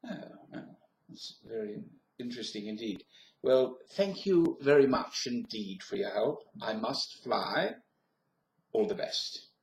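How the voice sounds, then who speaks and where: A man's voice: on the low side, lively intonation, a little slow. A man voicing a polite, formal visitor, hesitating as he speaks. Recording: roomy webcam recording.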